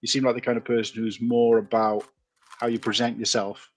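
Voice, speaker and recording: A Welsh man hosting a casual online chat show, talking in a loose, rambling way with quick asides. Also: medium pitch, little pitch movement, dry recording. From Wales. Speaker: podcast host.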